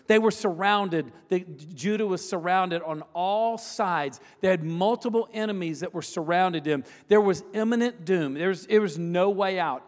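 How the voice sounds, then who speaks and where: A man preaching a sermon as a pastor, telling a personal story in a conversational way with asides and repeated phrases. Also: on the high side. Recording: long reverb of a large hall.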